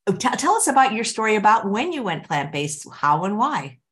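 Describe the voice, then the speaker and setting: A woman's voice: mid-range voice, very animated, normal speed, a bit bright. A woman hosting a casual video-call interview show, talking with bubbly enthusiasm. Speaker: show host.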